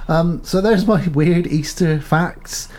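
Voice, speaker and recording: A man's voice: a little high, takes it slowly, darkish tone. A man co-hosting a comedic podcast, joking and reeling off trivia with mock outrage. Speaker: podcast co-host. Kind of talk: casual comedic chat.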